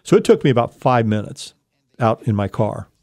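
A man's voice: mid-range voice, lively intonation, moderate pace, darkish tone, no echo, studio quality. A male podcast guest and fellow investigator casually recalls events in a matter-of-fact way. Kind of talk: casual conversation.

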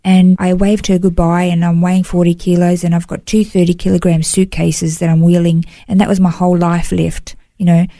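A woman recounts her life in an interview, speaking earnestly and emotionally. Her voice is warm and mellow, recorded close and dry with no room sound, and she often stops to restart a phrase. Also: on the low side, level tone, brisk, few pauses, dry recording. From Australia. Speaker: interview guest. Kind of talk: personal testimony in a podcast interview.

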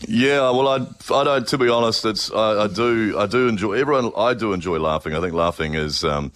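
A man's voice: fairly low pitch, fairly quick, a bit bright, a little hiss or hum. A man with a New Zealand accent, a radio host calling in for casual banter, laughing through his words. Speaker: radio host, guest caller.

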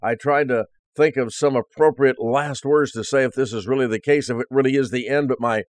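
A man's voice: mid-range voice, steady tone, fairly quick, no room sound. A male preacher earnestly reading a first-person story aloud as part of a sermon.

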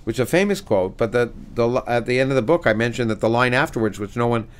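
A middle-aged male physicist and author being interviewed, talking with animated enthusiasm and many restarts. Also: medium pitch, quick pace, clear, resonant tone. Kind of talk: conversational interview, reading aloud from his book.

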